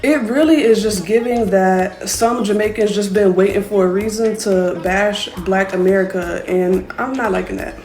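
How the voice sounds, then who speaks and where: A woman's voice: medium pitch, moderate pace, few pauses, a little mellow, reverberant, faint music behind. A woman speaking earnestly and disapprovingly as a social media commenter.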